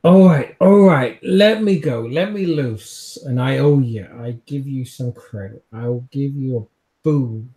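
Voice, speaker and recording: A man's voice: medium pitch, steady tone, normal speed, dark tone, reverberant, close to an everyday voice. A man voicing a cornered male vampire schemer tied to a chair, pleading frantically and swearing. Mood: frantic.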